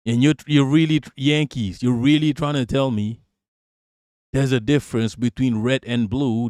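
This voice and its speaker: A man's voice: medium pitch, dry recording, studio quality. A man live-streaming as host, reacting to political clips in heated, profane commentary and repeating lines for emphasis.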